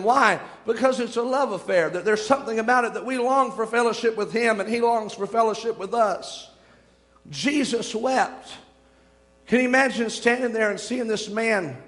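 A preacher with a very high voice delivers a fervent sermon, stretching out scripture phrases for weight. The sound rings with the long reverb of a church hall. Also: male voice, a bit bright. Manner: fervent, slows to drawn-out emphasis on scripture.

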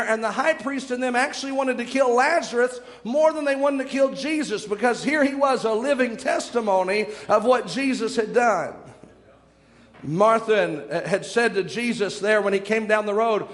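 A man's voice: very high voice, fairly bright tone, long reverb tail. A young man preaching a sermon, retelling scripture stories with dramatic shifts in pace.

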